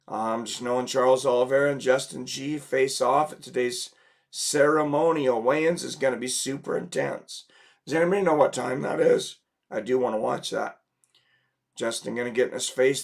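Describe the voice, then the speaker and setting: A man who is sick and losing his voice, hosting a casual livestream and talking through viewer comments in a rambling way. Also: medium pitch. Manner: rambling, filler-heavy. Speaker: livestream host.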